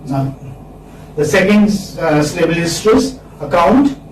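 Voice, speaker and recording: Indian english teacher guy, high voice, talks slow, keeps going hmm? at the class, echoey room mic far off. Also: lively intonation, noisy background. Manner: repeats words, prompts students with questioning hums. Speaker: college English lecturer. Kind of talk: classroom lecture.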